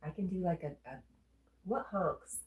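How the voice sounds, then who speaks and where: Stuffy low-voiced Southern woman streamer. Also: normal speed, reverberant. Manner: chatty, reads comments aloud and answers them. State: stuffy nose. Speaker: livestream host. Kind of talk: casual chat reading viewer comments.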